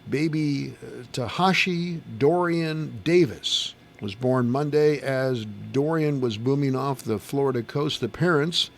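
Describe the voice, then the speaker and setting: Gravelly-voiced male radio host. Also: mid-range voice. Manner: chatty, reads news then banters with laughs. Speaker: radio morning show host. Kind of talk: casual radio chat reading news items. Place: radio studio.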